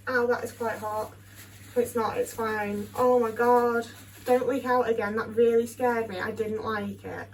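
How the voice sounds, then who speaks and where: A woman's voice: fairly high pitch, steady tone, measured pace, darkish tone, far from the mic, a little hiss or hum. A young woman chatting anxiously to the camera while cooking in her home kitchen, questioning herself and swearing often. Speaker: vlogger. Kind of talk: casual cooking vlog talk.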